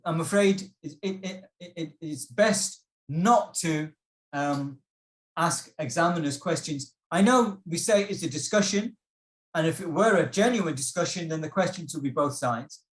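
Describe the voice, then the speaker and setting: A man's voice: a little high, measured pace. Man explaining test tips, echoey room. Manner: relaxed, explanatory, many ums and restarts. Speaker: IELTS workshop presenter. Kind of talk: online workshop talk.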